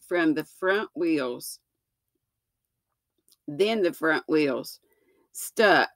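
A woman in her sixties reading a children's book aloud, slow and gentle, with small slips that she corrects. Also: deep voice, animated, dry recording. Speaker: storyteller.

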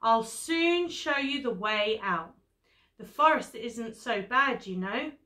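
A woman's voice: on the high side, animated, takes it slowly, bright, forceful tone, heavily acted. A woman voicing a kindly male bear in a storybook who grows nervous and stammers. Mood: friendly. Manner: kindly, then jittery and stammering.

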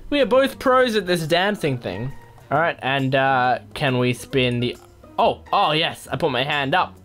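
A woman hosts a casual gameplay video, talking over what she does on screen. Her voice sits low but swings widely, jumping up into giggles and sung bits. She sounds excitable and bubbly throughout. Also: unhurried, faint music behind. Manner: excitable, giggly, breaks into sung dance noises. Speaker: gaming video host.

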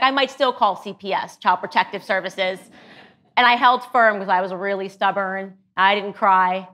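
Brief: an emphatic woman host at mid pitch, telling a personal story with soft music underneath. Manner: earnest, emphatic, lesson-driven. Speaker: show host.

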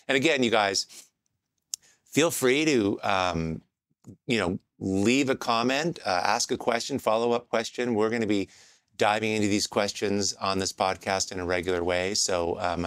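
A man's voice: on the low side, fairly bright tone, no room sound. A man hosting a podcast, talking in a reflective, searching way with many fillers and restarts. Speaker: podcast host. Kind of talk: casual podcast talk.

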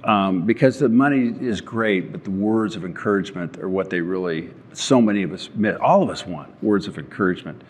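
An older man tells a story on stage in a low, earnest voice. He often repeats and restarts words as he speaks. The sound rings out with long reverb. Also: a little fast, few pauses. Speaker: company founder speaking at an event.

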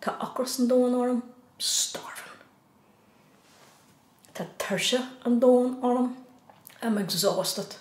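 A woman with an Irish accent teaching a beginner language lesson, saying each phrase slowly, repeating it, then giving the English. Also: a little high, a little mellow. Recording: echoey room.

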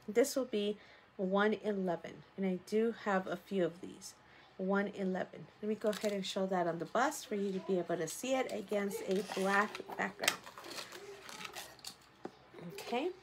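A woman's voice: mid-range voice, background noise. A woman running a casual live stream selling jewelry, chatty and upbeat, greeting viewers by name as she shows each piece. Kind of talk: casual live sales chat.

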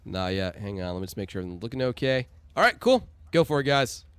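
Lively, bright-voiced male game host. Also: fairly low pitch, a little fast, smooth, no room sound. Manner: energetic, shouts excitedly during rounds. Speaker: host running a custom game mode. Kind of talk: casual gaming commentary. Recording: music playing behind.

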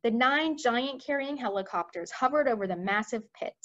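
A woman reading a children's book aloud expressively, pausing now and then to speak to her listeners. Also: fairly high pitch, highs cut off. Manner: expressive, addresses listeners directly. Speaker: library read-aloud reader. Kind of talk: storybook read-aloud.

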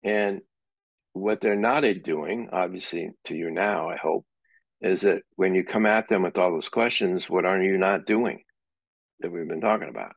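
A middle-aged man with a low-pitched voice and vocal fry speaks at a moderate pace, with no echo. He's a psychology lecturer teaching class conversationally, sometimes acting out example dialogue.

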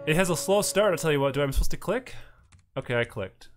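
A man's voice: fairly high pitch, animated, quick pace, music in the background. Chatty man playing a game. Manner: chatty, reads game text aloud. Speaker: gameplay commentator. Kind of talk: casual let's-play chat.

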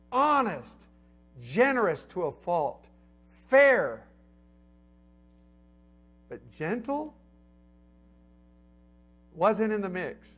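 A middle-aged man preaching a sermon in a conversational way, building to emphatic peaks and then dropping low and quiet. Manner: conversational preaching with emphatic swells and soft drops.

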